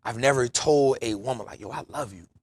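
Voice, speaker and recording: A man's voice: medium pitch, brisk, husky. A man, telling stories emphatically on a casual podcast, often saying "bro" and "real talk". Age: 40s. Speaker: podcast host.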